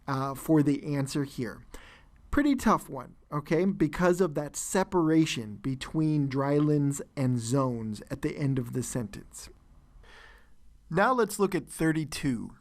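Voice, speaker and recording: A man teaching an exam listening lesson, explaining answers in a measured way with frequent fillers and restarts. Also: on the high side, lively intonation. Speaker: test-prep teacher.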